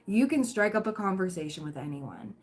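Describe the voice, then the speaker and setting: A woman's voice: mid-range voice, sing-song, a little fast, slightly rough. Chatty woman reading tarot on a livestream. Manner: chatty, reassuring, many fillers and restarts. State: throat dry, coughing. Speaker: tarot reader.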